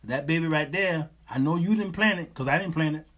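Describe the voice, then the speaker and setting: A man voicing God as a calm, quiet male voice that gently corrects him. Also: fairly high pitch, fairly quick. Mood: calm, knowing.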